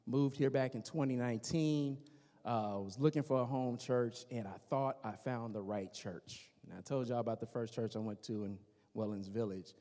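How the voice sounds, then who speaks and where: A man's voice: medium pitch, moderate pace. A man from the American Midwest doing teasing stand-up comedy and crowd work before a live audience in a church hall. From Gary, Indiana, USA. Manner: animated, teasing, talks straight to the audience.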